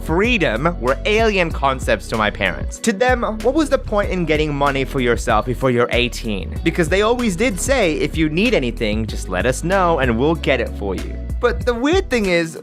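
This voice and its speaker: A man's voice: a little high, huge pitch swings, normal speed, hardly any pauses, faint music behind. Joking young Australian man narrating. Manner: joking, self-mocking. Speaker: animated story narrator. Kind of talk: comedic storytelling narration.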